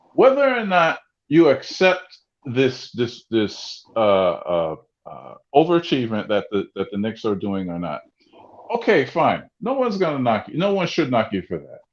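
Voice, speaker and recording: A man's voice: mid-range voice, dull audio. A man arguing hard about basketball in a heated podcast debate, often repeating himself. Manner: loud, ranting, repeats words. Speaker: podcast co-host.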